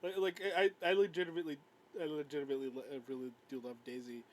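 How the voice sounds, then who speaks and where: A man's voice: a little high, racing, low-quality recording. Stammering, rambling man on a podcast. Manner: rambling, stammers and restarts, giggly. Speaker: podcast co-host. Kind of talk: casual gaming chat.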